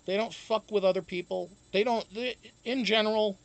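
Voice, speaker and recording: A man's voice: sits high, steady tone, normal speed, creaky. A man hosting a casual live stream, talking in a rambling, profane way and laughing often. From United States. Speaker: show host.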